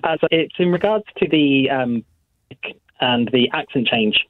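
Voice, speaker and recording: Relaxed, friendly male caller heard down a phone line. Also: mid-range voice, measured pace, no echo. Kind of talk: casual phone call to radio show.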